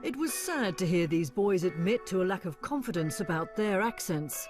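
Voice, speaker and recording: A woman with a received pronunciation accent, presenting a television documentary, narrating clearly and questioning interviewees with curiosity. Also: fairly low pitch, animated, music in the background. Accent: received pronunciation English. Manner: clear, measured and inquisitive.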